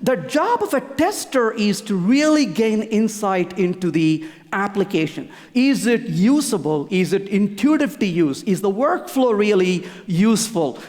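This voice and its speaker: An animated conference speaker whose pitch rises and falls expressively while stressing the same point again and again. The talk goes out through a stage microphone. The sound rings out with the long reverb of a large hall. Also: a little slow, hardly any pauses. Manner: emphatic, repeats key points, frequent restarts.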